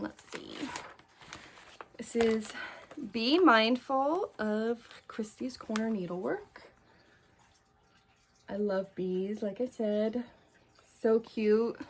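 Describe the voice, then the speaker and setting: A woman's voice: mid-range voice, noisy background. A woman chatting casually in a cross-stitch vlog, gushing and full of fillers, a little out of breath. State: a bit out of breath. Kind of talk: casual chat.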